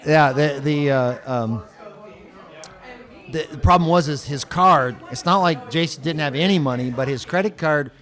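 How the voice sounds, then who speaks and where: Slightly high-voiced man telling a rambling story. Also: moderate pace, a bit bright. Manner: rambling, many restarts and fillers. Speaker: guest.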